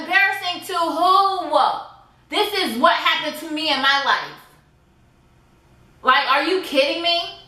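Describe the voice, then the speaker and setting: A woman's voice: on the high side, bright, forceful tone. A woman vlogging about her own life, speaking indignantly and emphatically and repeating phrases for force. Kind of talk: emotional personal vlog. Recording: echoey room.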